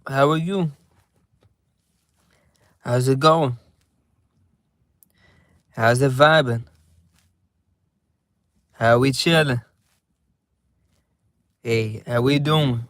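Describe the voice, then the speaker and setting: A man's voice: mid-range voice, very slow, pauses often, fairly bright tone, no room sound, studio quality. A young man chatting casually in a loose, rambling vlog from inside his car, laughing often. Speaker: vlogger.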